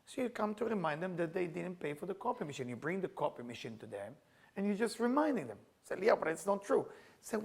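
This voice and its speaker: Middle-aged Israeli man, slightly high and gravelly, spiritual teacher, storytelling and playing out both sides of a conversation. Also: fast. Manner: animated, acts out dialogue, loud bursts. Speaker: Kabbalah teacher. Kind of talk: storytelling lesson.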